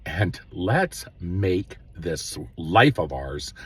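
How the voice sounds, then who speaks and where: Low, husky-voiced man giving gentle life advice. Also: very animated. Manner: earnest, gently preaching, with many pauses and fillers. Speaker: host. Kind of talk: casual spiritual self-help talk.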